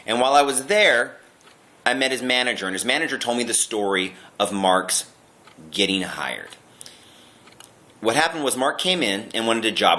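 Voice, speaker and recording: A man in his thirties giving a comic birthday toast, telling mocking stories in a deadpan way. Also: on the low side. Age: 30s.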